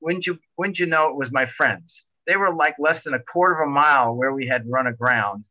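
Middle-aged guy rambling through a boat story, bright tense voice, dry dull recording. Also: medium pitch, brisk, no room sound. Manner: rambling, animated, with many restarts. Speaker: guest telling a sailing story. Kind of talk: casual storytelling.

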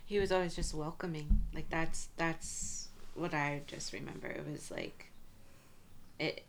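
A woman interviewer chatting casually and giving soft backchannels. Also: sits low, fairly even intonation, measured pace, creaky, a little hiss or hum. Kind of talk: casual chat.

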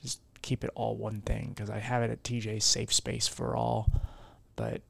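Male podcast host at home, candid and rambling, gravelly voice in a dry room, worn down. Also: lowish voice, little pitch movement, normal speed, dry recording. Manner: rambling, candid, with frequent fillers and restarts. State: low-spirited and worn down. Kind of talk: candid solo podcast chat.

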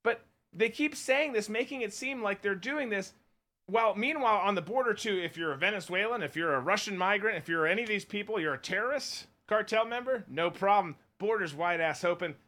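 A man's voice: high voice, animated, fairly quick, pushed and bright. A man co-hosting a podcast, ranting bluntly and sarcastically in political commentary. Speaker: podcast co-host.

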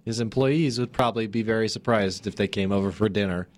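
A man's voice: on the low side, fast talker, slight background noise. A man co-hosting a casual family chat, joking and teasing. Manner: joking, teasing, laughs a lot. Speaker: podcast co-host.

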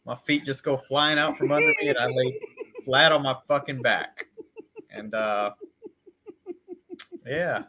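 A man's voice: mid-range voice, steady tone, a little slow, pauses often, background noise. A man co-hosting a casual podcast, easygoing and rambling, swearing freely as he tells stories about his week. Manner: easygoing, profane, rambling storyteller. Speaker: podcast co-host.

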